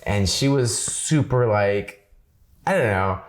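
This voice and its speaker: Male guest, lower voice, chatty storyteller who keeps interrupting himself. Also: animated, takes it slowly. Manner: rambling, self-interrupting, laughs often, acts out quoted dialogue. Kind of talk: casual storytelling chat.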